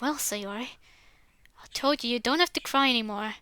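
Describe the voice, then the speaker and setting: A woman voicing a timid but brave six-year-old boy in a visual novel, soft and shaky but holding firm. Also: a little high, moderate pace, clean tone, no echo. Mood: gentle.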